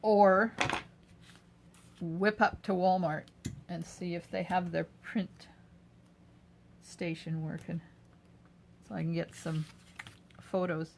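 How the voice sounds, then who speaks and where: An older woman's gravelly, fry-tinged voice, pitched a little low, hosting a live craft demo from her home craft room. She talks at an unhurried pace, narrating each step of her work and casually answering viewers' comments as they come in. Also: little pitch movement, a little hiss or hum. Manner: chatty, answers viewer comments while working. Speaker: craft video host.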